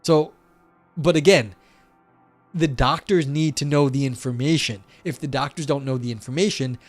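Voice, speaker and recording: A man's voice: mid-range voice, normal speed, no room sound, faint music behind. Blunt rambling man with dry sound. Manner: rambling, blunt, self-described curmudgeon. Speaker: streamer reading chat. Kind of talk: casual livestream talk.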